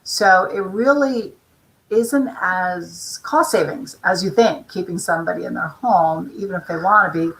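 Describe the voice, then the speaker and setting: Woman talk show host, chatty, long rambling explanations, low-pitched, bright tense tone. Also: unhurried, low-quality recording. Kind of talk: casual interview chat.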